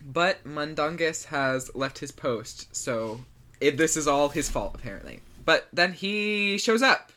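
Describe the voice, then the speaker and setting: A woman's voice: low-pitched, animated, measured pace, sharp tone. A woman co-hosting a book podcast, recapping the chapter in a dry, wry casual way. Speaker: podcast co-host.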